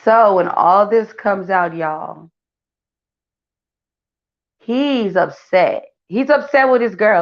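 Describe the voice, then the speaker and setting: A woman's voice: medium pitch, slow pace. Chatty woman spilling celebrity gossip. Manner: chatty, addresses viewers as y'all, many fillers. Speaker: gossip channel host. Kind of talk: casual celebrity gossip commentary. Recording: dull lo-fi sound.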